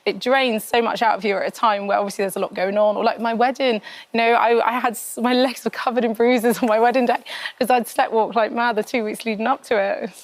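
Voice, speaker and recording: Fast-talking chatty young woman. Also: a little high. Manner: chatty, animated storyteller. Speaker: interview guest. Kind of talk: studio TV interview.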